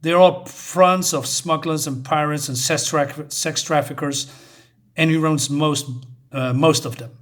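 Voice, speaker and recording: A woman's voice: sits low, fairly even intonation, a little slow. A man reading the lines of a comic-book assistant who briefs her boss in a plain, matter-of-fact way. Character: practical assistant to a vigilante psychiatrist.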